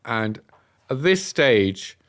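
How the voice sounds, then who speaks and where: A man from England telling a personal story on a podcast, animated and acting out the dialogue. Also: mid-range voice, drawn-out words. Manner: animated, acts out quoted dialogue. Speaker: guest telling his story. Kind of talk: casual storytelling. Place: podcast studio.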